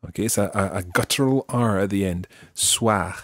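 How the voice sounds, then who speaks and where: In this podcast language lesson, a Scottish French teacher with a fairly low voice patiently demonstrates pronunciation, going slowly and with care. The recording is dry and studio-clean.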